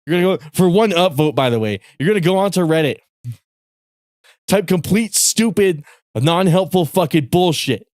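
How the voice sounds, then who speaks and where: A young male streamer in a casual livestream rant, cursing and venting in frustration with bursts of yelling. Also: high-pitched, lively intonation, measured pace, no room sound, clean studio sound, soft background music. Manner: frustrated, profane ranting with bursts of yelling and laughter.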